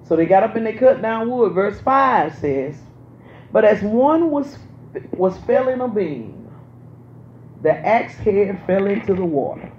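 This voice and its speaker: A man preaching a sermon, emphatic and repetitive, swinging from loud to hushed. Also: high voice, sing-song, unhurried, a little hiss or hum. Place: church sanctuary. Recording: roomy, dull sound with faint ambience.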